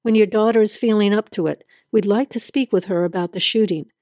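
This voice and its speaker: Woman reading a matter-of-fact male cop for an audio drama; mid pitch, dry. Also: a little fast, dark tone, dry recording, natural voice. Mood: calm. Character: adult male police officer, calm and official.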